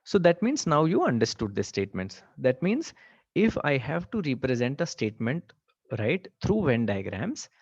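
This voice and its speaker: A man's voice: mid-range voice, wildly swooping pitch, moderate pace, no room sound. A man teaching a live online class, often checking in with his students and repeating "okay" and "right". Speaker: online exam-prep teacher. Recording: dry, slightly dull webcast audio.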